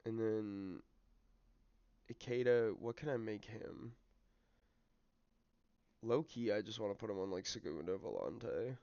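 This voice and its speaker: An American man commentates his own football management game on a livestream, swearing in frustration and muttering as the matches play out. His voice sits low with a gravelly fry. The mic sounds dry and a bit muffled. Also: unhurried, pauses often, warm tone, no echo. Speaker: streamer. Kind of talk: casual gaming livestream commentary.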